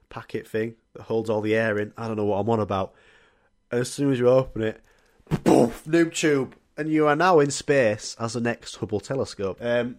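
A young man, hosting a solo comedy podcast in a rambling, jokey, sweary way. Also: mid-range voice. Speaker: podcast host.

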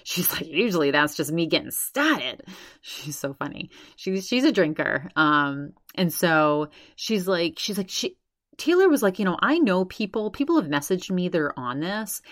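A woman's voice: lowish voice, sing-song, moderate pace, a bit bright, dry recording, clean studio sound. A woman podcast host casually recapping another show, constantly quoting with "she's like". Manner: retells others' words with constant "she's like".

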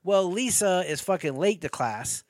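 Man, casual movie-recap chat, profane and rambling, slightly high voice, dry close sound. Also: lively intonation, measured pace, dry recording. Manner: profane, rambling, acts out characters' lines. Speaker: podcast co-host.

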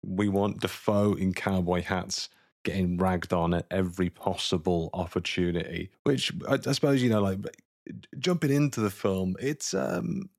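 Deep-voiced man rambling through film chat. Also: moderate pace, no echo, studio quality. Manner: rambling, filler-heavy, joking. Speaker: podcast co-host. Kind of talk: casual film podcast chat.

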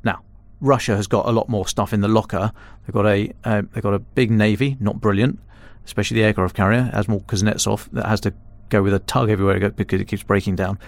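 A man's voice: fairly low pitch, flat delivery, fast, creaky, few pauses, dry recording. A man, a defence and security editor, giving casual podcast analysis in an explanatory way, often stopping and restarting mid-phrase.

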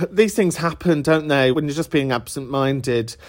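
A man's voice: a little high, unhurried. A man hosting a podcast, chatting casually and reacting to voicemails with bursts of laughter. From England. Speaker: podcast host. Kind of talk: casual chat answering voicemails.

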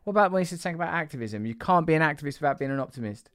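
A man's voice: fairly high pitch, expressive, very fast, a bit bright, clear, resonant tone, dry recording, studio quality. A man hosting a casual podcast, rambling and jokey, teasing his co-worker and trailing off with fillers. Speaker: podcast host.

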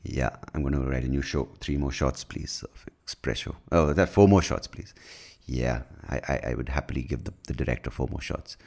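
Speaking briskly in a very deep, slightly mellow voice, a man hosts his own podcast. His monologue is casual and rambling, full of self-mockery and free swearing, and he trips over his words.

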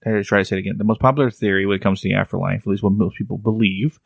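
Gravelly low-voiced man, casual podcast talk. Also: fairly even intonation, racing, no room sound. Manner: rambling, restarts, teasing. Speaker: podcast co-host. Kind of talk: casual chat.

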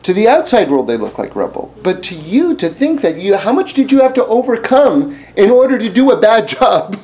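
At a moderate pace, this man shares a personal anecdote with a moral, speaking casually and animatedly. Fillers and restarts run throughout, and his pitch and volume rise sharply as he drives the point home.

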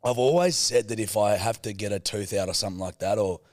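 A man's voice: on the low side, fast talker, darkish tone, no room sound, studio quality. A man with an Australian accent, co-hosting a podcast in casual banter, swearing freely and cracking puns. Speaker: podcast co-host.

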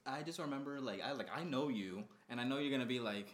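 A man co-hosting a podcast, teasing his friends in quick, playful casual chat. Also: mid-range voice, echoey room. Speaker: podcast co-host.

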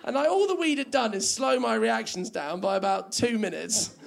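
High, gravelly-voiced comic. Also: male voice, normal speed. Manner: rambling, self-mocking, laughing at his own jokes. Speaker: stand-up comedian. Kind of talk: stand-up comedy set.

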